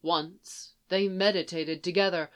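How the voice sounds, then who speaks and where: Slow, soft-spoken story narrator. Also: medium pitch, steady tone, clean tone. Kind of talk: audiobook reading of fan fiction.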